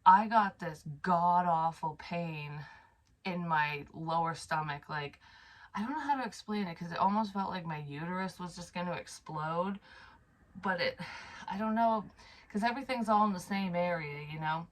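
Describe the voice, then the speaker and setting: A woman's voice: fairly low pitch, normal speed, poor audio. A woman psychic medium telling a personal story to camera in a casual, frank way, swearing freely, sighing and trailing off mid-sentence.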